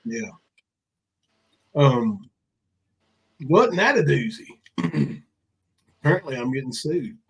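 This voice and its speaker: A man's voice: mid-range voice, big pitch swings, takes it slowly, gravelly, long pauses, breathy edge, rough recording. A man with a stuffed-up nose hosting a casual live stream chat, rambling and swearing loosely.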